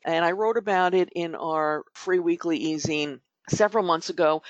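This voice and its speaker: A man's voice: fairly high pitch, no echo. A middle-aged man hosting a podcast, giving advice in a chatty, rambling way with many fillers and restarts. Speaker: podcast host. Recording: dull dry lo-fi podcast audio.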